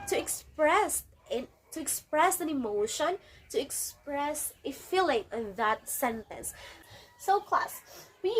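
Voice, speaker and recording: A woman's voice: sits high, fairly bright tone. A woman teaching a grammar lesson to a class, repeating and restarting phrases as she explains.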